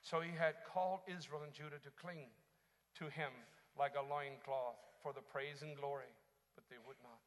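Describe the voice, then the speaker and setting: A man preaching a sermon as pastor, moving from quiet teaching into impassioned shouting. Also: fairly high pitch, steady tone, normal speed, in a large hall.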